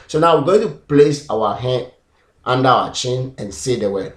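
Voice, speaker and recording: A man teaching pronunciation, repeating example words slowly and syllable by syllable. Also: medium pitch, animated. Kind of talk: classroom-style lesson. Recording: echoey room.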